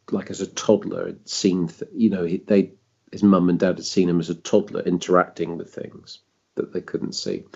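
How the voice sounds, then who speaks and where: A man's voice: low-pitched, creaky, a little mellow, highs cut off. A man with a southern English accent hosting a casual podcast chat, telling a story in a rambling, hesitant way and swearing freely. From south of England. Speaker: podcast host.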